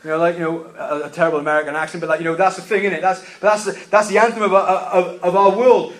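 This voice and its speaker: Guy preaching, pretty high voice, hammers the same lines over and over, goes loud then quiet. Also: fairly even intonation, fast talker. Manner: emphatic, repeats key phrases, swings between loud and quiet. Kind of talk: sermon.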